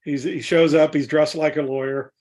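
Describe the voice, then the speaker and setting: A man with a slightly high voice hosts a casual chat. He rambles and restarts often. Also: steady tone, normal speed, a little mellow. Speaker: host, veterans group founder.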